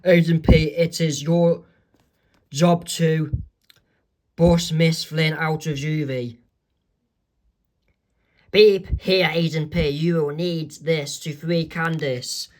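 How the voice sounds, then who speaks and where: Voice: medium pitch, steady tone, takes it slowly, long pauses, a little mellow, close to an everyday voice. A reader voicing a stern male spy chief from a comic strip, read plainly. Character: stern spy chief man giving orders.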